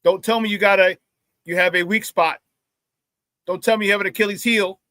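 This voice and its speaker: A man hosting a live morning sports talk show, loud and playful, hyping up his audience with shout-outs. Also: high-pitched, steady tone, brisk, dry recording.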